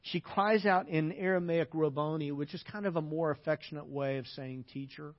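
A man preaching a sermon as pastor, telling personal stories, dropping to a hush in sad parts and acting out the people he quotes. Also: fairly high pitch, fairly even intonation, normal speed, muffled recording. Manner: personal storytelling, drops to a hush at sad moments and acts out quoted lines.

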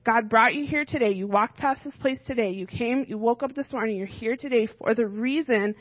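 A woman with a high voice leads a Bible lesson for children, keeping it animated with constant questions. The sound is dry and close, a little muffled and lo-fi. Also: a little fast, no room sound. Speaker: children's church teacher.

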